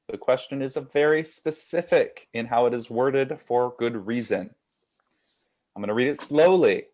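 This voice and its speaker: Over a video call, a man hosts a casual online trivia game, upbeat and quick, laughing readily but reading each question slowly and deliberately. His voice is medium in pitch with a darkish tone.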